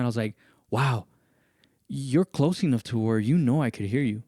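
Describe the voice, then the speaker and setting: A man in casual podcast chat with a mellow, warm tone, recorded close and dry. He tells his story animatedly, jumping up high whenever he mimics other people's lines. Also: normal speed, no room sound. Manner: animated, acts out others' lines in raised voices. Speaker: podcast host.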